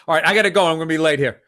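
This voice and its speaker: A man's voice: on the high side, bright, forceful tone. A man co-hosting a comedy podcast, ranting emphatically and swearing constantly in casual chat. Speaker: podcast co-host.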